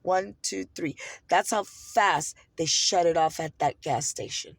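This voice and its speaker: A woman's voice: lowish voice, measured pace, breathy edge, dry recording. An American woman ranting in a casual vlog, swearing heavily and sounding heated and indignant. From United States. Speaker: vlogger. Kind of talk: casual storytelling rant.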